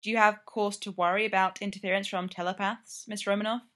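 A prim male professor who speaks formally and sounds put-upon and exasperated, as a woman reads him. The voice rises in pitch as he protests, lively in a read-aloud story. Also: quick pace, close to an everyday voice. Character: proper, frustrated male professor in therapy.

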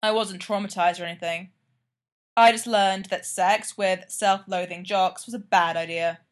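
A woman's voice: medium pitch, fairly even intonation, moderate pace, lightly acted. A woman voicing a blunt, weary young man. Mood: candid. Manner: blunt, swears casually. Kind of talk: fan fiction read aloud.

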